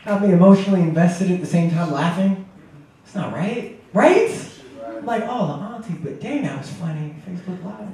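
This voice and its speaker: A man's voice: high-pitched, expressive, brisk. A man hosting a comedy open mic, animatedly hyping the crowd and bringing up the next comic. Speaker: comedy show host. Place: comedy club. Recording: echoey club from far off, loud crowd noise. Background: audience cheering.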